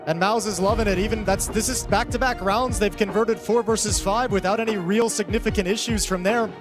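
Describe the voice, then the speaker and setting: High-pitched guy doing esports analysis, chatty and rambling, faint music behind. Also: steady tone, fairly quick. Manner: conversational, rambling analysis with restarts. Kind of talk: color commentary.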